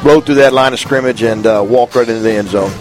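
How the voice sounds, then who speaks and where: A man giving color commentary on a football game, slow and relaxed, with many fillers and small chuckles. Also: mid-range voice, music in the background. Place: press box above the field.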